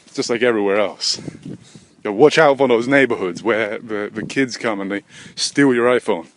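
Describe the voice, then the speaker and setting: A young Englishman with a lowish voice and a moderate pace rambles and swears in a self-deprecating vlog monologue. He walks beside a road in the wind with a handheld camera, and the recording picks up wind noise and passing traffic.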